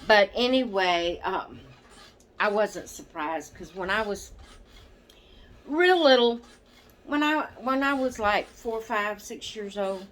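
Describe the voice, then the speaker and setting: A woman's voice: mid-range voice, slow pace, a bit bright, a little hiss or hum. An older woman, chatting casually to her camera in a rambling way, laughing often and correcting herself. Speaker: vlogger.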